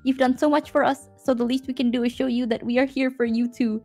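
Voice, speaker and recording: A woman's voice: sits high, fairly even intonation, fast, a little mellow, faint music behind. Playful young woman on a stream call. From Southeast Asia. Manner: playful, reading a heartfelt letter aloud. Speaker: guest streamer. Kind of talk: casual chat on a stream call.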